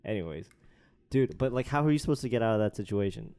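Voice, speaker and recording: A man's voice: fairly low pitch, lively intonation, fast, mellow, smooth. A young man co-hosting a casual podcast, slangy, saying dude and bro a lot. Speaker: podcast co-host. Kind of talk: casual chat.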